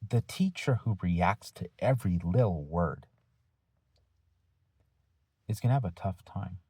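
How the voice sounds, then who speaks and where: A male teacher giving a deliberate, firm talk to his students, using rhetorical questions and pauses. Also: deep voice, expressive, a little mellow, husky, no echo. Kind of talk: lecture-style talk to students.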